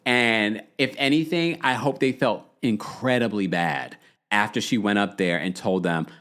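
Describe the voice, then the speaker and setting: A man hosting a live talk show, chatting in a casual, animated way and reading out comments from viewers. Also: lowish voice, a little slow. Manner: animated, acts out quoted lines in shifting voices. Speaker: podcast host recapping reality TV.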